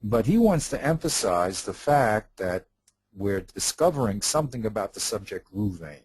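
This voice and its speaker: A man's voice: fairly low pitch, sing-song, moderate pace, darkish tone, husky, no room sound, low-quality recording. A man teaching in a study session, patiently explaining a text, repeating himself and checking that his partner follows.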